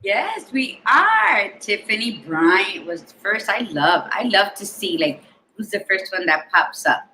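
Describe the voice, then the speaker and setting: A woman co-hosting a podcast in casual chat, chatty and quick to laugh. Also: mid-range voice, sing-song, pushed and bright, slight background noise, low-quality recording. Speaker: podcast co-host.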